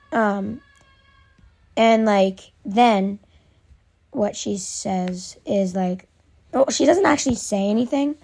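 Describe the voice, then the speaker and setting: A woman excitedly recapping an episode in a casual, rambling way, with many fillers and restarts. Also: a little high.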